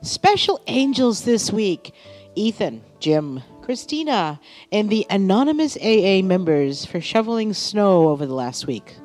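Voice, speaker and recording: Woman, church announcer, friendly and unhurried, mid-pitched voice. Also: sing-song, darkish tone, faint music behind. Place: church sanctuary.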